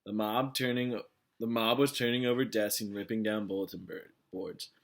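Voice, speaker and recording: A man with a low voice reads a novel aloud in a casual way. He stumbles now and then and goes back over his words. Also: fairly even intonation, normal speed. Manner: plain, with slips and restarts. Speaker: reader of a novel.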